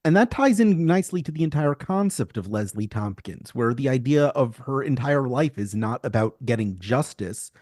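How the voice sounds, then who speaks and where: A man's voice: medium pitch, expressive, moderate pace, few pauses, a little mellow, no room sound, clean studio sound. A man co-hosting a podcast in casual chat, articulate and analytical, making tidy points. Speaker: podcast co-host.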